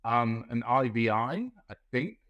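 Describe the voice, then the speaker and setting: A man's voice: mid-range voice, animated, measured pace, highs cut off. A man from England, a nurse guest on a podcast, talking hesitantly and often repeating his words. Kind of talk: casual podcast chat.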